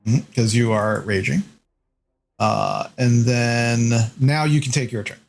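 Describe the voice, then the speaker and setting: A man's voice: medium pitch, fairly even intonation, takes it slowly, vocal fry. A man narrating as game master in a casual tabletop game, describing the action loosely with many fillers.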